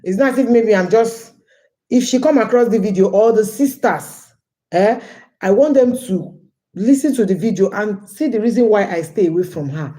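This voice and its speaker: A Nigerian livestream host talks at a normal speed in a mellow, mid-range voice. Her casual stream is chatty and full of storytelling, with repeated phrases and frequent calls of "guys" to her viewers.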